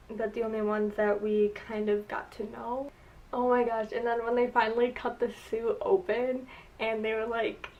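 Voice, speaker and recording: A young woman talks through a show review in a loose, gushing chat full of "like" and "oh my gosh". Her voice sits a little high. She sounds a bit back from the microphone. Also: a little mellow, far from the mic, dull audio. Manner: gushing, chatty, lots of "like" and "oh my gosh". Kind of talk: casual chat.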